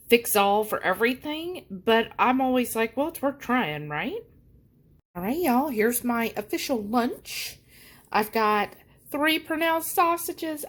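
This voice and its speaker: A woman talking casually to her viewers in a vlog, full of fillers and y'alls. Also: on the high side. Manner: chatty, lots of fillers, says y'all. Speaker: vlogger.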